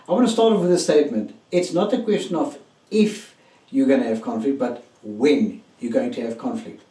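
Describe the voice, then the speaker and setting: A man's voice: mid-range voice, warm tone, recorded from a distance. Guy giving a pumped-up relationship coaching talk, pretty echoey room. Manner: emphatic, addresses listeners directly. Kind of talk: motivational teaching talk. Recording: roomy echo, mic set back.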